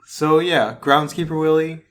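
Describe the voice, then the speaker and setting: A man's voice: fairly high pitch, measured pace, a bit bright. Young man, podcast co-host, casual chat, easygoing agreeable tone. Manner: easygoing, with lots of short agreeing replies.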